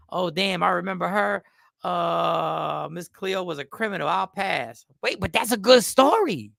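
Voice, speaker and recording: A man's voice: sits high, animated, unhurried, vocal fry, fairly bright tone, no room sound, studio quality. A man in his fifties, a comedian and host, telling a rambling, self-mocking story in a casual style.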